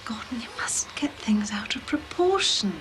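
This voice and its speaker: A woman's voice: on the high side, expressive, normal speed, fairly bright tone, whispered. An actress playing a refined, anxious middle-aged mother in a soap opera.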